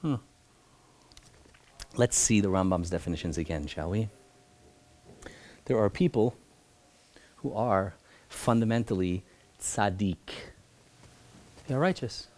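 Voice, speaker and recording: A man, a rabbi teaching an adult class, telling a lively teaching story and acting out its people, jumping between loud bursts and hushed asides. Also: fairly low pitch, takes it slowly, long pauses. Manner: animated, acts out voices and jumps between loud and hushed.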